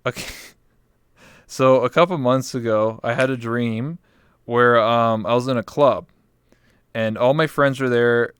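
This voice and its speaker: Animated swearing young man telling stories. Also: medium pitch, a little slow, long pauses, clear, resonant tone, no room sound. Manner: animated, swears freely, acts out his own reactions. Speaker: guest. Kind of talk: casual storytelling chat.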